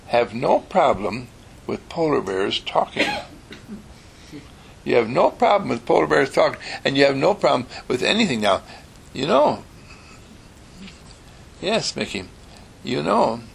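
A man telling an animated, playful bedtime story to children, often clearing his throat. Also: medium pitch, a little hiss or hum.

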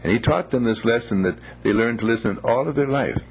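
A man telling a moral story in a gentle, unhurried, folksy way, with homely phrases. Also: mid-range voice, breathy edge.

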